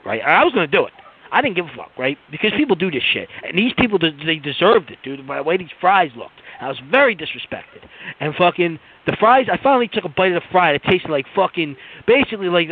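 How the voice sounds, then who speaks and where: A man hosting a podcast, telling a heated story in a casual, profane rant, often repeating his words. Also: a little high. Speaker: podcast host. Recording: tinny phone-like sound.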